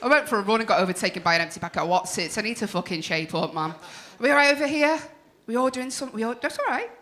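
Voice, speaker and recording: Woman compere on a club stage, brash and sweary with the crowd, slightly high, sharp voice. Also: lively intonation, rapid-fire. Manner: brash, teasing, sweary banter with the audience. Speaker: stand-up comedy compere. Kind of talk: stand-up crowd work.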